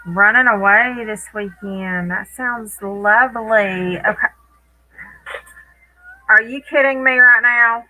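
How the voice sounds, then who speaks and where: A woman's voice: on the high side, slow pace, pushed and bright, poor audio. A woman hosting a casual live stream from home, chatting with viewers by name and laughing often.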